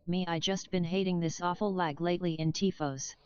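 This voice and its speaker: A smooth, lowish text-to-speech woman's voice reads chat messages aloud in a flat, even way. The sound is a bit dull and muffled, as if played back through the stream. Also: a little fast, dry recording. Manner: flat synthetic reading of usernames and messages.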